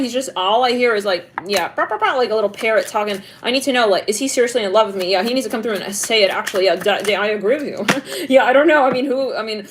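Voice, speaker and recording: A woman's voice: medium pitch, slight background noise. Rambling, chatty woman giving a tarot reading. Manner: rambling and chatty, with frequent fillers and swearing; breaks into laughter, talks back to the messages she hears. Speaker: tarot reader. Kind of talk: casual intuitive reading to camera.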